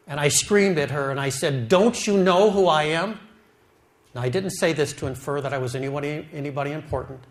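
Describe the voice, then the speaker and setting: Middle-aged man, earnest testimony speaker, slow and heartfelt, average pitch. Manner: slow, heartfelt storytelling, drops quiet at sad moments. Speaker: speaker telling his life story. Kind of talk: emotional testimony.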